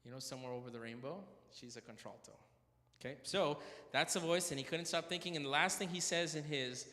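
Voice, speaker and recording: A man's voice: a little high, a little fast, bright, forceful tone, long reverb tail. A man telling stories at a church prayer meeting, chatty and joking, correcting himself as he goes. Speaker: church speaker. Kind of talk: storytelling talk at a prayer meeting. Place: church hall.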